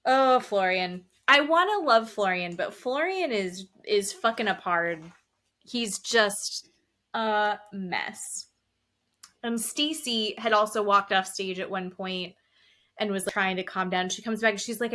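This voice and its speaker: A woman's voice: medium pitch, a little slow. Chatty woman recapping TV drama. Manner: animated retelling with acted quotes, swearing. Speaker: podcast co-host. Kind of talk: casual chat recapping reality TV.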